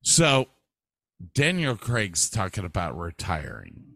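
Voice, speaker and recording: A man co-hosting a casual chat, asking his partner questions at an unhurried pace. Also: low-pitched, huge pitch swings, creaky, pushed and bright, dry recording, studio quality. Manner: leads with questions, slow and drawn out.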